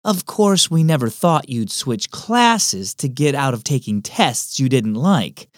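A male narrator voicing a gentle mother of twin boys in a children's storybook reading, calm and lightly teasing. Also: medium pitch, takes it slowly, no room sound, clean studio sound.

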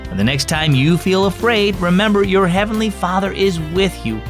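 A man hosting a Christian children's devotional and reading a story aloud, gentle and expressive. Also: high voice, moderate pace, over music. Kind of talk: scripted narration for children.

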